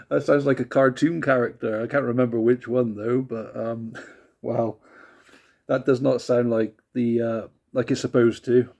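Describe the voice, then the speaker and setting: A man reviewing music tracks in a loose, chatty way. He rambles through asides, laughs often, and drops casual swearing, all at an ordinary mid pitch. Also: darkish tone.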